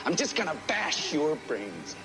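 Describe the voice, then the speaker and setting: A man's voice: on the high side, huge pitch swings, unhurried, over music, poor audio. A menacing, unhinged husband on the prowl, taunting in a sing-song lilt. His voice leaps wildly up and down. A film score swells underneath. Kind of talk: film acting.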